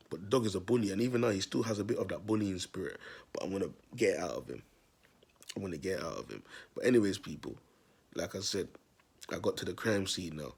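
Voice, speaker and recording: A man tells a long, rambling story straight to his viewers. His voice sits low and sounds rough and husky. He talks in street slang, repeats phrases and keeps asking if they get him. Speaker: self-styled prophet vlogger.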